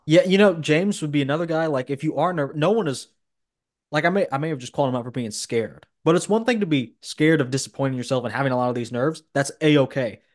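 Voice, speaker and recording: A man's voice: on the high side, fast, a little mellow. A man hosting a podcast, giving blunt opinions in casual chat with frequent restarts. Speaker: podcast host.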